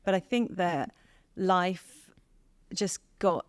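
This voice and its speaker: An English woman from the north of England, a podcast guest speaking candidly and thoughtfully, pausing often with ums. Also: fairly low pitch, no echo. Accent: northern English over a southern English base. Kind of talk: reflective interview conversation.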